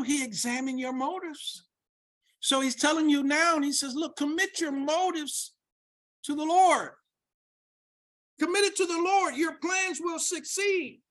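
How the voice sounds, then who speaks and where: A woman delivering a sermon in a high, bright voice. She reads scripture aloud and presses her points by repeating key words. Her delivery climbs to near-shouts. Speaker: preacher.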